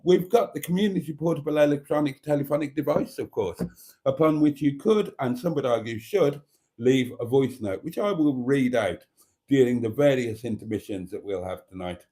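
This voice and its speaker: A man's voice: mid-range voice, lively intonation, normal speed, mellow. A British man hosting a casual live stream, camp and teasing, with a stuffy nose. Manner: camp, theatrical, teasing, calls viewers darlings.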